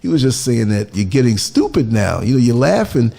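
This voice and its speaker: A man's voice: medium pitch, very animated, fairly quick, vocal fry, warm tone. A man from the United States giving a reflective podcast monologue, earnest and musing, putting questions to the listener.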